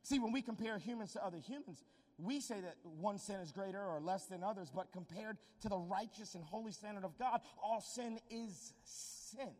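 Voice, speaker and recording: A man preaching an energetic, humorous sermon, shouting for emphasis and joking with the crowd. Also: high voice, moderate pace, long reverb tail.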